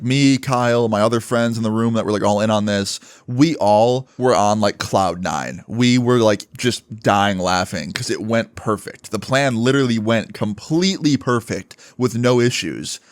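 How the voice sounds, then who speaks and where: Young man, low voice, casual storytime, filler-heavy chatter, dry recording. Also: measured pace, hardly any pauses, no echo. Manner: loose and conversational, full of "like" fillers, acts out quoted lines.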